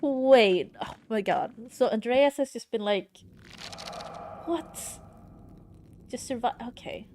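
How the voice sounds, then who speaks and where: A woman giving casual let's-play commentary, excitable and easily startled, swearing when scared. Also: a little high, a little slow, few pauses, noisy background. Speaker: game streamer.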